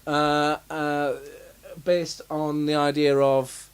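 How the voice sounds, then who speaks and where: Rambling young man, slightly high voice. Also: completely flat delivery, extremely slow. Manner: rambling, many fillers and restarts. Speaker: podcast co-host. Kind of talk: casual chat.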